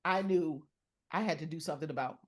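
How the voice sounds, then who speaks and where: A middle-aged woman talks with a fairly low voice in a frank, personal conversation. She speaks earnestly and haltingly, circling back and restarting her thoughts as she goes. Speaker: podcast guest. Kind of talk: personal conversation on mental health.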